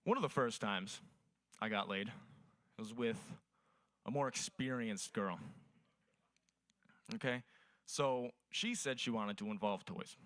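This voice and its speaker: A man's voice: lowish voice, slow, pauses often, fairly bright tone, no echo. A young man performing a crude stand-up set at an open mic, telling profane stories. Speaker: stand-up comedian.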